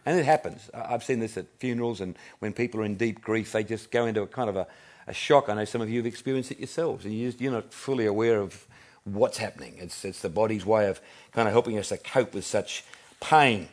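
Speaking fast in a fairly low voice, the pastor, an Australian man in his fifties, tells his sermon in a laid-back storytelling style. He laughs now and then and backs up to restart his sentences.

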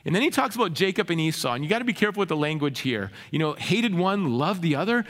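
A man delivers a sermon in an earnest pastor's manner, often turning to the congregation with rhetorical questions. His voice sits a little high and swings widely in pitch. A long reverb trails after each phrase, as in a big hall. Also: expressive, quick pace, fairly bright tone.

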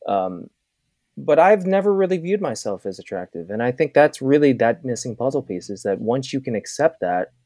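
A man in casual conversation, thoughtful and searching for words, often restarting his sentences. His voice sits at a middle pitch and is recorded dry, with no room sound. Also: very animated, dark tone, no echo. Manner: reflective, halting with many restarts. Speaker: podcast guest, author.

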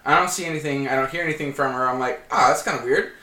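A man's voice: mid-range voice, racing. Man telling a story, echoey room. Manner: animated storyteller, acts out quotes. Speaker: guest. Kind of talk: casual storytelling chat. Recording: echoey room, distant mic.

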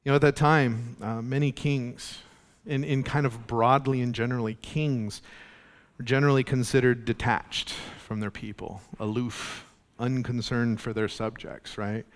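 A male pastor giving an earnest, animated sermon, repeating his points. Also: mid-range voice, long reverb tail. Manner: earnest, animated preaching with laughs and repetition.

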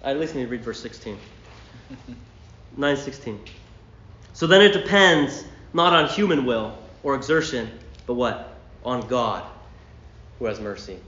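A male pastor preaching a sermon, emphatic, dropping to a hush and then rising to a shout. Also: mid-range voice, expressive, unhurried, pauses often, echoey room, dull audio. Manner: emphatic, swinging from hushed to shouting.

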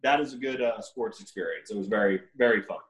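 A man's voice: lowish voice, fast talker. A young man co-hosting a podcast, arguing bluntly in casual chat and swearing freely. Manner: blunt, profane, argumentative. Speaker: podcast co-host. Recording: echoey room.

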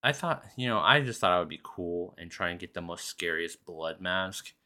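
A man's voice: low-pitched, lively intonation, normal speed, pushed and bright. A man, hosting a solo podcast and telling rambling, profane stories in a casual chat. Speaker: podcast host.

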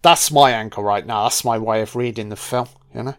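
A man's voice: fairly low pitch, brisk, a bit bright. A man giving a casual, jokey film commentary, swearing constantly. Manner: profane, jokey, heavy swearing.

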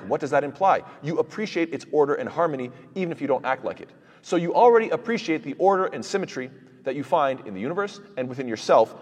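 A fast-talking man gives a lecture that explains verses, and his voice is a bit husky. He asks himself questions and answers them, and he switches into quick recited verses. The sound has a long, reverberant tail. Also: on the high side. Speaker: Quran tafsir teacher.

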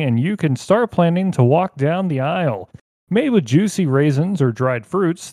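A man's voice: on the high side, darkish tone, no room sound, studio quality. A man hosting a casual food quiz podcast, reading out trivia facts with a jokey tone. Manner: jokey, reads trivia in a light presenter tone. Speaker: quiz host.

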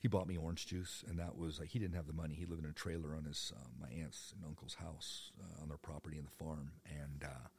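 Deep husky-voiced guy in his 50s, rambling and joking about growing up, bit of cursing. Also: level tone, a little fast, hardly any pauses. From United States. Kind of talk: personal storytelling monologue.

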